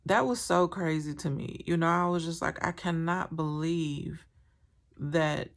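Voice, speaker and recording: With a low voice and a measured pace, a woman opens up on camera about trauma she has lived through. Her telling wanders and is thick with fillers, and she sounds emotional and strained throughout.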